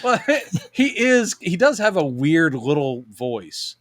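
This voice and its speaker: A man's voice: fairly high pitch, big pitch swings, slow. A middle-aged man co-hosting a casual podcast, telling stories animatedly and acting out quotes in different voices. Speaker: podcast co-host. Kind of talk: casual chat.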